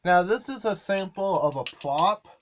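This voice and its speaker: High-voiced man explaining casually. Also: lively intonation, a little slow, a little hiss or hum. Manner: casual, rambling, self-correcting. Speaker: video creator. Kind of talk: casual behind-the-scenes explanation.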